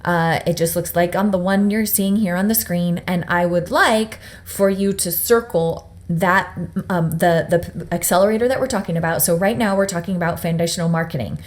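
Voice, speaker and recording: A woman's voice: fairly low pitch, normal speed. A woman coaching a webinar, chatty and upbeat, talking directly to viewers and checking in with them often. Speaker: business coach presenting a webinar. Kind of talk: webinar teaching.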